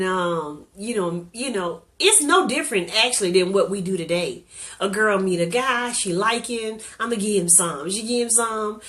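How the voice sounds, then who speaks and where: A woman's voice: medium pitch, sharp tone. A woman sharing a personal testimony in candid, conversational storytelling, earnest and openly emotional.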